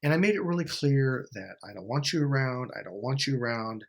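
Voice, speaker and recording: A man's voice: medium pitch, animated, a little fast. A man vlogging to camera, telling a rambling, profane story with laughs between lines. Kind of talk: casual storytelling vlog.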